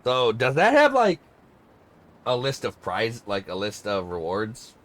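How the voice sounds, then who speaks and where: A man's voice: medium pitch, huge pitch swings, measured pace, a bit bright. A man casually chatting and joking crudely while streaming a game.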